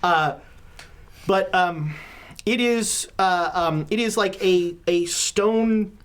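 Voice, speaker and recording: Woman game master, halting narration. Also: fairly low pitch. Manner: halting, with many fillers and restarts. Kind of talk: narrating a tabletop horror game.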